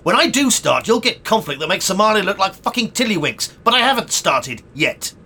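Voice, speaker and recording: A man's voice: on the high side, very animated, normal speed, sharp tone, breathy edge, full character voice. An actor playing a pompous, foul-mouthed, combative man who thinks himself a great talent, speaking in theatrical outbursts. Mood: indignant bluster. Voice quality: theatrical, grandiose, sweary outbursts. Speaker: would-be actor in a sitcom. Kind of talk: sitcom acting.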